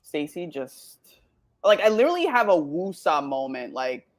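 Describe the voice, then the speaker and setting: Animated low-voiced woman. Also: fairly quick. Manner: animated, playful, emphatic. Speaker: podcast co-host. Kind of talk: casual chat.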